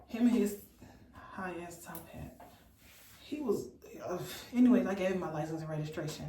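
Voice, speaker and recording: A woman from Memphis telling a storytime in an animated, incredulous, chatty way. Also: lowish voice, normal speed, reverberant, distant mic, a little hiss or hum, rough recording. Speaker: vlogger. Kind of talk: storytime vlog.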